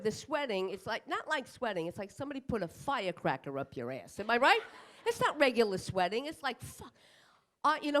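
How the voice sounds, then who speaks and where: Her voice is slightly high and a bit bright, with a little hiss or hum on the recording. A woman in her fifties works a club stage with crude, brash stand-up full of profane punchlines and acted-out asides.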